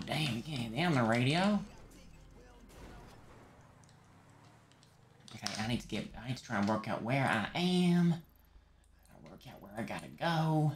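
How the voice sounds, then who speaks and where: A man's voice: medium pitch, fairly bright tone, reverberant, a little hiss or hum. Man putting on a flustered stammering doctor. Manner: put-on accent, stammering restarts. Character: flustered young male doctor, panicky and rambling. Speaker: streamer playing a doctor in a role-play game. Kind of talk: live game role-play.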